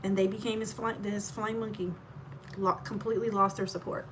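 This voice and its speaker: A woman telling her own story in a candid vlog, animated and laughing often, full of asides. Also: mid-range voice, a little fast, slight background noise. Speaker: vlogger.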